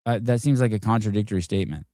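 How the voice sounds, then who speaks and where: A man's voice: lowish voice, very fast, dark tone, dry recording, studio quality. A man hosting a live stream, chatting casually in a rambling, joking way with frequent swearing. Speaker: podcast host.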